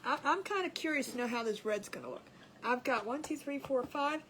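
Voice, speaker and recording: A woman's voice: high voice, expressive, a little fast, fairly bright tone, slight background noise. A woman hosting a live crafting stream, chatting casually and giggling as she reads viewer comments aloud. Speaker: craft livestream host.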